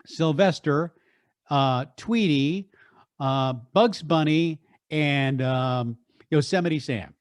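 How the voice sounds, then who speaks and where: Brief: older male deejay, high-ish voice, lively storyteller, dry sound. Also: clear, resonant tone, no echo. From Texas, USA. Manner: energetic, animated, quick restarts. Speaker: radio deejay and voice artist, guest. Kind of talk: storytelling interview.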